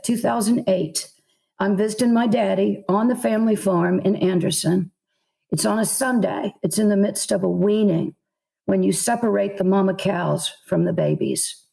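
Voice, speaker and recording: Gravelly-voiced Southern woman telling a story. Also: medium pitch, dark tone, rough recording. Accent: Southern American. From American South. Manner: earnest, vivid storytelling with voiced quotes. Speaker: author guest. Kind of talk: storytelling in a podcast interview.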